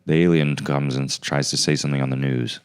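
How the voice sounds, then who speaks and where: A man's voice: a bass voice, level tone, fast talker, clear, resonant tone. A man hosting a comedy podcast, talking in a blunt, sardonic, teasing way. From Canada. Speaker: podcast host. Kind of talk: casual comedic chat.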